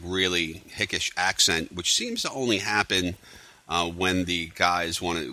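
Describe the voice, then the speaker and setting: Brief: male solo vlogger, low voice with a sharp edge, sarcastic, rambling recap. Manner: rambling, sarcastic, many fillers. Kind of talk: casual spoiler recap.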